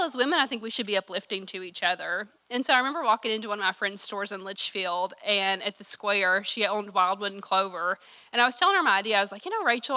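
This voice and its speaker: Bright, chatty young woman with a Kentucky accent. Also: medium pitch. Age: young adult. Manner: candid, chatty, self-deprecating, with laughs. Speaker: keynote speaker. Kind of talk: personal speech at a summit.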